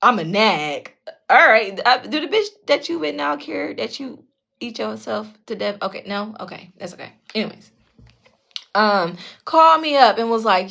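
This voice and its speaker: A woman's voice: a little high, moderate pace, creaky. A woman telling a personal story in a casual, blunt monologue, heavily profane, often checking in with her listeners and acting out the people in her story. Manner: animated, acts out the other people in her story. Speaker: tarot channel host telling a personal story.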